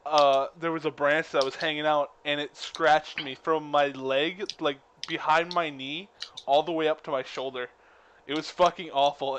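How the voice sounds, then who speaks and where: A man's voice: fairly high pitch, fairly bright tone, a little hiss or hum. A young man telling a childhood story in casual chat, laid-back, swearing and laughing.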